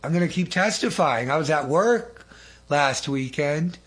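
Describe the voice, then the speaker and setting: Husky-voiced male lay preacher, earnest and rambling, telling testimonies. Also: on the high side, lively intonation, a little slow, a bit bright. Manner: earnest, rambling with restarts and asides. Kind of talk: testimony sermon.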